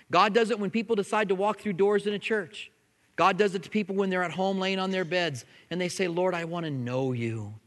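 A man preaching to his church in an easy, conversational way, now and then sinking into a soft, intense hush. His voice sits a little high. The sound carries the long reverb of a large hall. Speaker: pastor. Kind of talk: sermon.

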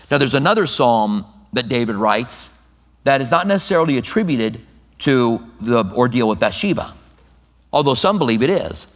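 Male preacher, mid-pitched, reading verses slowly and then explaining them plainly, long hall echo. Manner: reads scripture slowly, then talks plainly with sudden lively asides. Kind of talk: sermon.

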